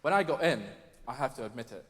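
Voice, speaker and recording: A man's voice: mid-range voice, lively intonation, fast talker, a bit bright. A man performing a stand-up comedy set on a theatre stage, with wry, mock-posh impressions of British people. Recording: live theatre with long reverb. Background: faint audience ambience.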